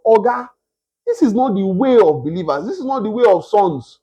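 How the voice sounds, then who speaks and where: A man preaching a sermon, emphatic and repetitive, with a husky voice. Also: high voice, sing-song, normal speed, mellow, highs cut off. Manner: emphatic, repetitive, mimics beggars in a whiny voice.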